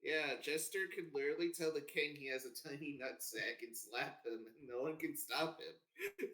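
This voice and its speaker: A man cracking crude jokes at a gaming table. His voice is bright and a little high, and it rings in a roomy, echoey space. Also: moderate pace. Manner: joking, crude banter. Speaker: player. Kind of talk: casual chat.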